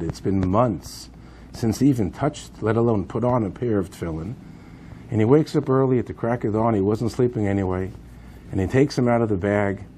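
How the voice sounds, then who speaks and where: Man telling a heavy story to a crowd, dark mellow voice, lots of emphasis. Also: on the low side, a little hiss or hum. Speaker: speaker at a memorial program. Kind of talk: dramatic storytelling.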